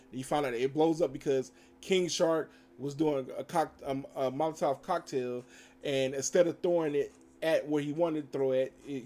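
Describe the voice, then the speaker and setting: Fairly high and a little mellow, this man's voice carries a loose, rambling recap of cartoon episodes. As a show reviewer, he acts out lines from scenes and fills his talk with frequent fillers.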